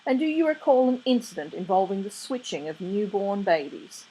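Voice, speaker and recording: A woman's voice: mid-range voice, big pitch swings, normal speed, dark tone, a little hiss or hum, natural voice, poor audio. Crowley, a woman doing a snappish male demon. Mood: sardonic. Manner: snappish, exasperated. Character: sardonic male demon, touchy and defensive.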